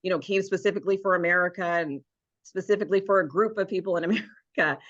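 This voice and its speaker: Low-voiced woman host, dull audio. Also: fast. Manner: warm, affirming, chatty with many "like"s. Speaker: podcast host. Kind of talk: casual interview conversation.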